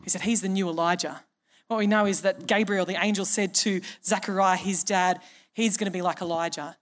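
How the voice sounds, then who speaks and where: A woman's voice: mid-range voice, fairly even intonation, fairly quick. A middle-aged woman pastor, preaching a conversational, humorous sermon and acting out the people in her stories. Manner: conversational and humorous, acts out quoted voices.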